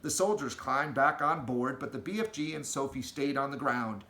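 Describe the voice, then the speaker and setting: Guy reading a kids story out loud, bright voice, expressive, echoey room. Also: mid-range voice, moderate pace. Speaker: audiobook reader. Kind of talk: storybook read-aloud.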